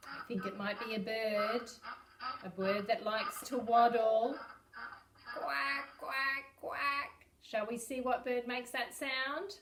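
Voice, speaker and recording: A woman with an Australian accent teaching young children animal sounds, slow and exaggerated, dropping to whispers between animal noises. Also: fairly high pitch, steady tone, far from the mic, noisy background. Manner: slow, exaggerated, sing-song, drops to whispers. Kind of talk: early-years animal sounds lesson. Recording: echoey room, voice from off-mic.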